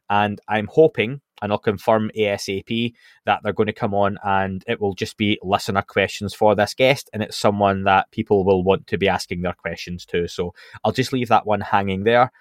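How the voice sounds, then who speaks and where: Male host, casual talker, slightly low pitch, announces updates in a loose, chatty way. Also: no room sound, studio quality. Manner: chatty, runs through announcements with filler ums. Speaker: podcast host. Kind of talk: casual podcast news chat.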